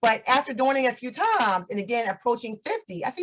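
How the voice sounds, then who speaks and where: A woman's voice: on the high side, very animated, fairly quick, fairly bright tone, low-quality recording. A woman in her fifties, a guest on an interview show, telling her story in a chatty way and laughing often. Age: 50s.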